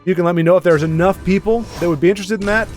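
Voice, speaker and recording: A man's voice: sits high, rapid-fire, over music. A man casually commentating a card game match, chatty and self-deprecating, rambling with frequent restarts.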